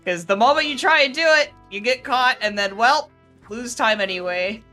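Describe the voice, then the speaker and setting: Casual co-commentator, crisp bright tone, halting phrasing, faint background music. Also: mid-range voice. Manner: halting, restarts often, laughs easily. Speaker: guest co-commentator. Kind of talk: casual live game commentary.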